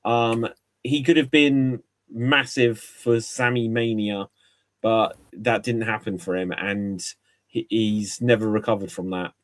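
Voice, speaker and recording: A man's voice: lowish voice, steady tone, slow. A man co-hosting a podcast in casual chat, opinionated and rambling, with frequent restarts, heard through a video call mic. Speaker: podcast co-host.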